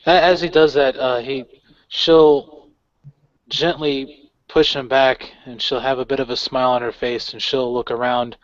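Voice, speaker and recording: A man playing a tabletop game, slowly describing what his character does. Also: medium pitch, level tone, no room sound. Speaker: player. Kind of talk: narrating own character's actions. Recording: dry, muffled lo-fi audio.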